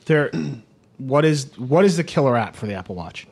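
A man's voice: mid-range voice, animated, darkish tone. A man hosting a tech podcast, joking and firing off questions in casual chat. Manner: quick joking interjections and questions. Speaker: host.

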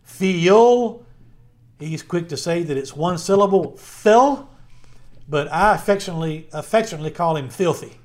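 A man's voice: fairly high pitch, quick pace, hardly any pauses. A middle-aged man with a Southern Virginia accent, co-hosting a casual podcast chat in a rambling, friendly way with many fillers. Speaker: podcast co-host.

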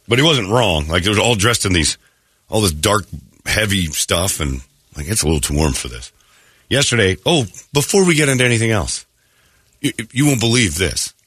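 A man's voice: deep voice, expressive, moderate pace, a bit bright, breathy edge, dry recording, clean studio sound. A man hosting a morning radio show, rambling through casual stories and acting out what people said. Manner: rambling storyteller, acts out quotes. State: clearing throat. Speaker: radio host. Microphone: studio mic.

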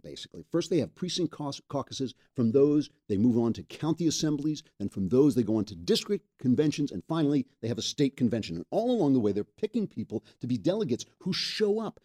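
In a makeshift studio, a man with a mellow, medium-pitched voice hosts a political talk podcast. He talks casually and wryly, joking and often laughing at what he says.

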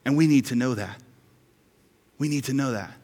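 A man's voice: medium pitch, normal speed, mellow. A male pastor preaching a sermon in a conversational, joking way, repeating key lines. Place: church sanctuary. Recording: hall reverb.

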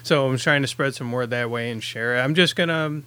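A man's voice: medium pitch, a little fast, pushed and bright, clean tone, dry recording. A man who directs independent films, talking in a casual podcast chat, rambling with lots of fillers and restarts.

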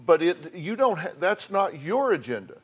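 A man's voice: high voice, big pitch swings, normal speed, husky. A man hosting a talk show, bluntly lecturing his guests and repeating points for emphasis. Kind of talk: confrontational counseling.

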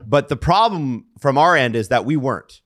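A man's voice: mid-range voice, expressive, moderate pace, a bit bright, no room sound, studio quality. A man, co-hosting a casual podcast and leading with questions in a chatty way. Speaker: podcast co-host.

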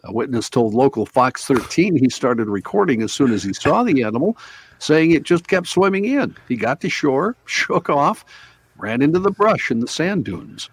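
A man hosting a talk radio show reads news stories in a husky voice. He sounds dry and close to the mic. Between stories he chats loosely with his co-hosts. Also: medium pitch, very animated, moderate pace, no room sound.

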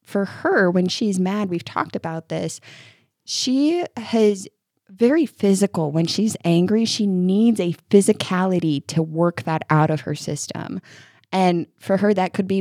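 Woman co-host, lively storytelling voice, plays out quotes, dry mic. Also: lowish voice, unhurried, no room sound. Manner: animated storytelling, acting out quotes. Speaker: podcast co-host. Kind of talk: casual chat.

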